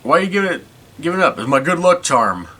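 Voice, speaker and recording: A man's voice: big pitch swings, quick pace, sharp tone, heavily acted. A man voicing a small, greedy male leprechaun in a put-on Irish accent. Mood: mocking. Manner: high squeaky put-on voice.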